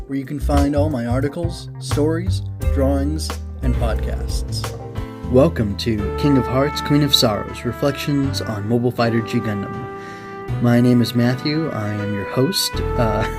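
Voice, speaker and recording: A man in the middle of the usual pitch range hosts a solo podcast, reviewing an anime episode in a loose, unscripted way. He rambles, restarts sentences and wanders off on tangents. Smooth jazz plays clearly underneath his voice. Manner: rambling, tangent-prone, thinks aloud with many fillers. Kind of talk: casual solo podcast commentary. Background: smooth jazz music playing.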